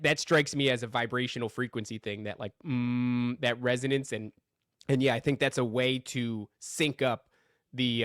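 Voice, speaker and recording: A man's voice: medium pitch, no echo. Guy on a podcast rambling through a story, curses a bit, dead dry sound. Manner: rambling, animated retelling with swearing. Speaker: podcast co-host. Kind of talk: casual storytelling chat.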